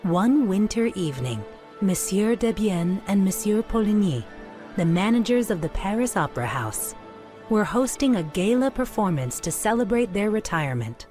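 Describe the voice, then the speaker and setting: A woman narrating a children's storybook in a clear, measured storytelling manner. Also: medium pitch, very animated, mellow, soft background music.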